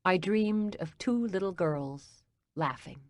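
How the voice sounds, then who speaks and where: A woman reading a cozy mystery audiobook as narrator, in a calm, even storytelling manner. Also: lowish voice, slow, no echo.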